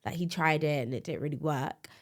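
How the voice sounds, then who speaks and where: A woman co-hosting a casual podcast chat. She sounds tired and a bit bunged up with a cold, and she talks in an animated way with frequent laughs. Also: sits low, a little fast. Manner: chatty, animated, laughs often. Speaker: podcast co-host.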